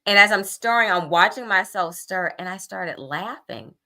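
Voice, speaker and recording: A woman's voice: medium pitch, lively intonation, normal speed, pushed and bright. A middle-aged woman casually telling an anecdote, animatedly acting out her own quoted thoughts. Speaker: guest storyteller.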